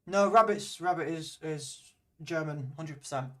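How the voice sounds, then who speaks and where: A man's voice: on the high side, a little slow, pushed and bright, distant mic. A man from Yorkshire with a mild Yorkshire accent, chatting casually with his live-stream viewers in a rambling way while he plays a game. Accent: mild Yorkshire English. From Yorkshire, England. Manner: chatty and rambling, answers chat between plays.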